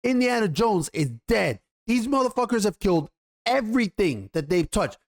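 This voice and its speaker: A man's voice: high voice, sing-song, moderate pace. A man hosting a commentary video, ranting heatedly with lots of swearing and rambling restarts. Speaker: YouTube commentary host.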